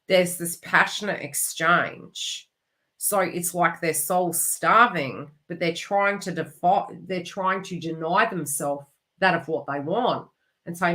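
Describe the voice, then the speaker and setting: Woman, low register, psychic reader on a live stream, emotive and rambling, restarts often. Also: takes it slowly, pushed and bright. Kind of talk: live online psychic reading.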